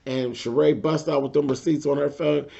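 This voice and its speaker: A man's voice: on the high side, fairly even intonation, moderate pace, gravelly, mellow, breathy edge, highs cut off. A man hosting a casual reality TV recap, talking in a sassy, emphatic way and repeating his points for effect. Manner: sassy, emphatic, repeats points, calls viewers "child" and "honey".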